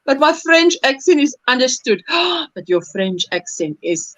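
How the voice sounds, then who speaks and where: A woman's voice: high-pitched, very animated, unhurried, a bit bright, dry recording, highs cut off. A woman hosting a crochet livestream, chatting casually, laughing often and reading viewer comments aloud. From South Africa.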